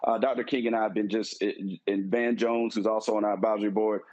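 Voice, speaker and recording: Casting: low-voiced male guest, quick earnest pitch, muffled remote audio. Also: flat delivery, a little mellow. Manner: fast, earnest pitch for his business. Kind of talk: promotional interview wrap-up.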